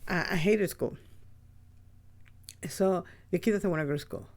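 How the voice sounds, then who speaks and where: A podcast host talks in a loose, rambling monologue with a gravelly, creaky edge to the voice. The delivery is blunt and peppered with swearing, stopping and restarting mid-thought. The pitch sits in a middle range. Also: measured pace, darkish tone. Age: adult with a child. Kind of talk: casual spoken monologue.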